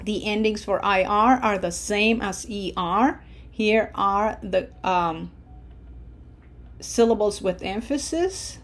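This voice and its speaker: A woman teaching Spanish verb endings, drilling each form slowly and encouraging her students. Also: mid-range voice. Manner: slow, deliberate drill pronunciation with encouraging asides. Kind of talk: language lesson.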